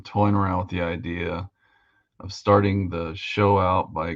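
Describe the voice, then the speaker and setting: Deep-voiced, easygoing male hobby-stream host. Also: flat delivery, unhurried, highs cut off. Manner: rambling and easygoing, with fillers. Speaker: host of a live hobby painting show. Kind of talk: casual livestream chat while painting models.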